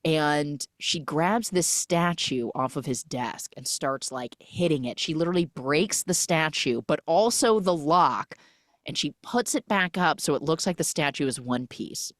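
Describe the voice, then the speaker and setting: A woman telling a film's plot as casual podcast chatter, her lowish voice rising and falling widely as she acts out bits of dialogue. The sound is close and dry. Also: a little slow, no room sound. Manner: animated storyteller acting out quotes. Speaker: podcast host. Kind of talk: casual film recap.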